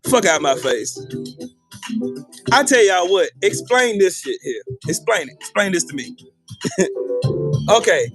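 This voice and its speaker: A man hosting a livestream, in a furious, profane political rant, taunting viewers with repeated questions. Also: sits high. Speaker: livestream host.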